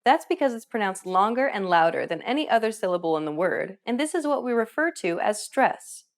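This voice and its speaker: A woman's voice: medium pitch, big pitch swings, fairly quick. Upbeat woman narrating a language lesson. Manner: upbeat, clear instructional delivery. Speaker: language teacher.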